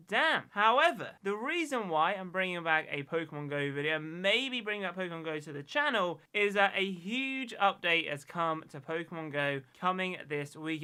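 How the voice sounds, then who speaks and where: A young man talking casually to the camera as a gaming YouTuber, chatty and excitable, with lots of fillers. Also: sits high, smooth.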